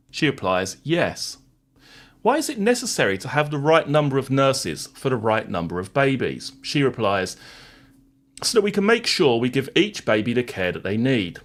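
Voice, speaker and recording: A man with a mid-range voice hosts a live stream, chatting with viewers and reading court transcripts in a plain voice. Toward critics he turns wry and sarcastic.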